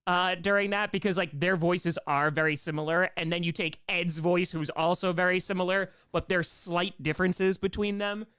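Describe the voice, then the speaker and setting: A young man hosting a live stream, chatting casually in a rambling, excitable way. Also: high voice, moderate pace, few pauses, clear, resonant tone, dry recording, studio quality.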